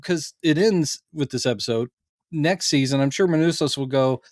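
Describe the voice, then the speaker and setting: A man's voice: fairly high pitch, moderate pace, dry recording, studio quality. A man co-hosting a podcast, chatting about a TV show with enthusiasm and acting out lines. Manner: enthusiastic, acts out quotes, laughs often. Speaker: podcast co-host. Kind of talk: casual TV discussion.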